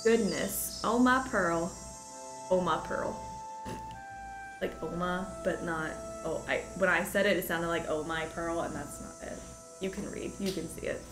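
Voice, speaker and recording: A woman's voice: lowish voice, moderate pace. A woman casually chatting and giggling while she plays a detective game. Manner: chatty, giggly, reacting aloud. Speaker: streamer playing a detective game. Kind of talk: casual gameplay commentary. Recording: echoey room with game music. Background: game music.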